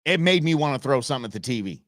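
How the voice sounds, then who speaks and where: A man's voice: medium pitch, very animated, racing, no echo, clean studio sound. A male talk show host giving combative, sarcastic live political commentary.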